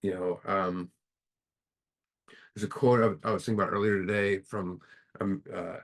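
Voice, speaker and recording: Middle-aged man, low voice, casual study-group speaker, halting delivery full of fillers. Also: steady tone. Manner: halting, with restarts and many fillers. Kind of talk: casual spiritual talk with storytelling.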